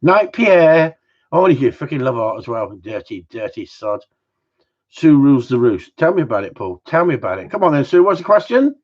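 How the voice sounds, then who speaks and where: A man's voice: medium pitch, big pitch swings, normal speed. A man hosting a casual live-stream Q&A from home, rambling and joking with mild swearing. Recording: slightly dull lo-fi sound.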